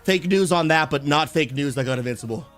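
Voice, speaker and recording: A man, a pastor who streams games, chatting live with his viewers and calling them bro, bursting into shouts and laughter. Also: a little high, brisk, faint music behind. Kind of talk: live gaming stream chat.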